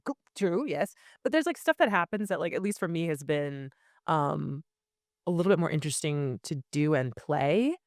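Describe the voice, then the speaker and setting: Chatty actress full of "like" fillers. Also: female voice, deep voice, lively intonation, normal speed, no room sound, clean studio sound. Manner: chatty, many "like" fillers, laughs often. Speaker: actress guest. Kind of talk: casual interview chat.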